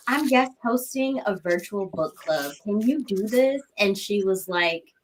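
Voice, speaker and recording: Mom guest hosting a book stream, lively up and down voice, acts out her stories. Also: mid-range voice, unhurried, a little hiss or hum, poor audio. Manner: animated storyteller, acts out quoted voices. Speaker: guest host. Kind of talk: casual livestream chat.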